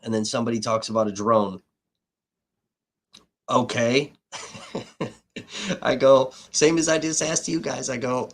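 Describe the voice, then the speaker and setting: Hosting a livestream as an independent reporter, a man retells a dispute in casual, heavily profane talk, laughing between points. His mid-range voice stays steady and unhurried, with frequent pauses.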